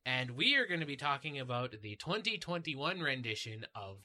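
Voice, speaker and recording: A man hosting a casual podcast chat about a film, talking in an animated, rambling way. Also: medium pitch, moderate pace. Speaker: podcast host.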